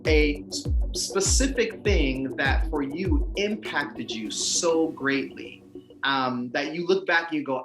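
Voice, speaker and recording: Deep-voiced lady host, rambly questions, roomy sound, music under it. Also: measured pace, a bit bright. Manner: searching, trailing questions with fillers. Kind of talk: casual interview chat.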